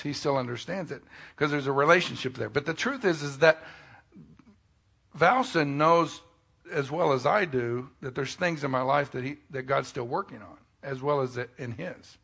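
A male pastor preaching a sermon, swinging between loud, emphatic declarations and quiet, intimate asides, with folksy jokes mixed in. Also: on the high side, creaky, husky.

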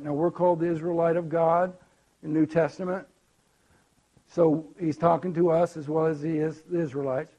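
A man with a fairly high voice preaches a sermon to his congregation. He talks in a conversational way, pressing hard on key points, then dropping into quiet asides. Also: steady tone, normal speed. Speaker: pastor. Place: church hall before a congregation.

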